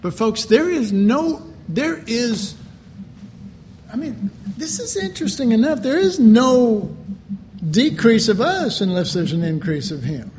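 A man preaching a sermon, slow and deliberate, with animated asides. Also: very high-pitched, a little hiss or hum. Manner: slow, deliberate delivery with animated mock voices and laughter.

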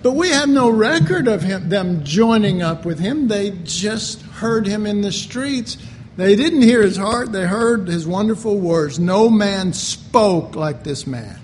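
A man preaching a sermon, slow and deliberate, with animated asides. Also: sits high, slight background noise. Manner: slow, deliberate delivery with animated mock voices and laughter.

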